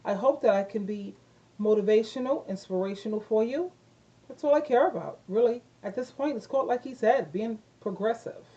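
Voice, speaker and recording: A woman's voice: a little high, a little fast, mellow, highs cut off. A middle-aged woman vlogging casual life advice to her viewers, rambling and repeating herself with effusive praise. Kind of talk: casual talk to camera.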